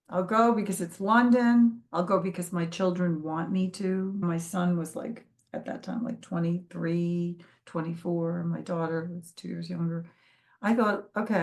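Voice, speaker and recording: A woman telling her own life story in an interview, earnest, quoting others as she goes. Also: on the low side. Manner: earnest, quotes others in lively voices. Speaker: guest. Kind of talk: emotional personal storytelling.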